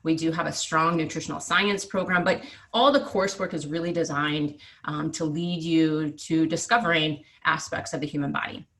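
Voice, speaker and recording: A woman's voice: deep voice, steady tone, normal speed, a bit bright. A woman, presenting degree options in a virtual information session over a video call, explanatory with frequent ums. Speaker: university presenter.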